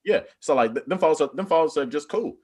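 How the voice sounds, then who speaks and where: A man's voice: fairly high pitch, animated, brisk, a little mellow, slightly rough. A man in casual podcast discussion, rambling with many "like" fillers and bursts of animation.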